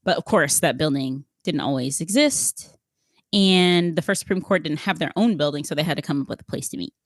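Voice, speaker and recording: Podcast co-host, woman, lower voice, measured explainer who keeps asking her partner questions; dead-dry close mic. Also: dry recording.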